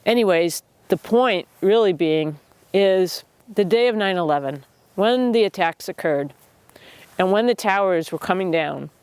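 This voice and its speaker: A woman hosting a wellness talk, speaking earnestly and reflectively to camera with pauses and restarts, audibly emotional. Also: medium pitch, animated, a little mellow, smooth, no echo. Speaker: host.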